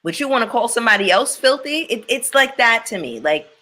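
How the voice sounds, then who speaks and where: Woman, casual chat host, bright tone, blunt, swears a lot, opinionated. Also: a little high, sing-song, fairly quick. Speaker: host reacting to reality TV.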